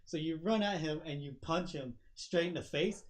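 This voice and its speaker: A man's voice: a little high, normal speed. A man narrating a home tabletop game as game master, rambling with many fillers and often laughing. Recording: dull home recording.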